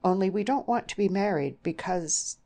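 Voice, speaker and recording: A woman's voice: mid-range voice, lively intonation, moderate pace, dark tone, voice pushed up. A woman voicing a young man, an earnest and impulsive suitor who speaks eagerly.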